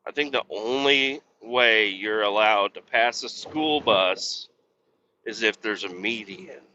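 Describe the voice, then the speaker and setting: A man's voice: fairly low pitch, slow pace, bright, forceful tone, muffled recording, a little hiss or hum. A man hosting a podcast, rambling and cussing his way through casual stories while driving a truck. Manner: rambling, profane, laid-back storytelling. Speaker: podcast host. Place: truck cab on the road.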